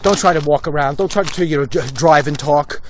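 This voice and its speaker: A man's voice: a little high, brisk, noisy background. A man doing a heated, blunt political commentary on a walk-and-talk livestream outdoors, talking into a handheld phone. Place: outdoors on a street. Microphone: phone held while walking.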